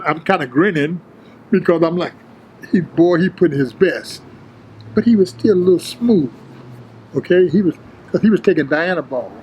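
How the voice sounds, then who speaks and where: An older man, an interview guest, telling prison and gym stories in a streetwise, profane, animated way, acting out the others' lines. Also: on the high side, muffled recording, a little hiss or hum. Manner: streetwise, profane, animated retelling with quoted voices. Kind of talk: casual storytelling.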